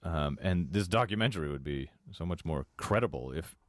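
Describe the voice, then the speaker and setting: Sarcastic low-voiced man, dry close sound. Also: expressive, fairly quick, no echo. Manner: sarcastic, laughing often. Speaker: podcast co-host. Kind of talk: casual mocking commentary over a video.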